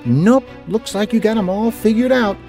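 A man voicing a tough, bossy adult rebel woman in an audiobook, brisk and commanding. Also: high-pitched, dark tone, soft background music, voice pushed up. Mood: wry, teasing.

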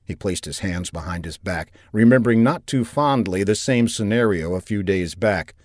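A man narrating a science fiction audiobook in a steady, even storytelling manner on a close mic. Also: fairly low pitch, moderate pace, dry recording. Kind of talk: scripted narration.

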